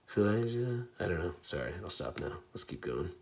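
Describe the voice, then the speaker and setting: A man casually chatting to his viewers while opening trading card packs, chatty and self-deprecating, with bursts of excitement. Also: low voice, moderate pace, creaky. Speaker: card pack opening vlogger. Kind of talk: casual pack-opening commentary.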